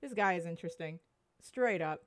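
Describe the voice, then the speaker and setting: A woman's voice: lowish voice, animated, moderate pace, dry recording. Woman, podcast co-host, casual chat, gushing, enthusiastic, dry close sound.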